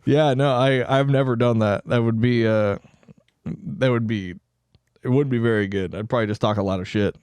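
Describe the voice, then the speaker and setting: A man's voice: mid-range voice, fairly even intonation, moderate pace, darkish tone, clear, resonant tone, no echo. Profane joking man, dry close sound. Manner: profane, jokey, acts out bits in voices. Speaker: podcast host. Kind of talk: casual chat.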